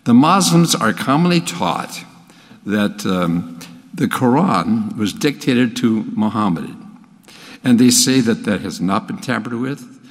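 A man's voice: mid-range voice, animated, takes it slowly. An older man preaching a sermon in a folksy, plain-spoken way, with small restarts. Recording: long reverb of a church hall.

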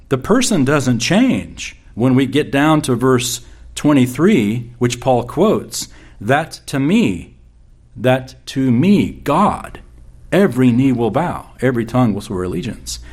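A man preaching a sermon, reading scripture aloud with slow emphasis and repeating key phrases. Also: mid-range voice, darkish tone. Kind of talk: expository sermon.

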